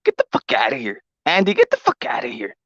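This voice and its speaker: A man's voice: medium pitch, huge pitch swings, fast talker, fairly bright tone, dry recording, dull audio, full character voice. A man voicing an impression of a blunt, profane boxing champion who scolds fighters as lazy and undisciplined. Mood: scornful.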